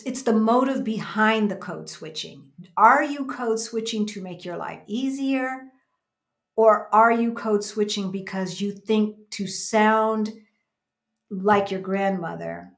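An American woman in her fifties, co-hosting a casual livestream chat and telling stories in a reflective way. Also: mid-range voice. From United States. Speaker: livestream co-host. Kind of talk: casual chat, reading viewer comments.

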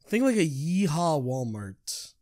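A man's voice: a little high, big pitch swings, slow pace, darkish tone. A young man, joking and laughing often while co-hosting a podcast. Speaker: podcast co-host. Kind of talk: casual chat.

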